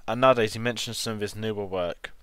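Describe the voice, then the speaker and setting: Low-pitched man, film review co-host, rambling casual chat, dry close recording. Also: fast, clear, resonant tone, no room sound. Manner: relaxed, rambling, filler-heavy with "like" and "kind of".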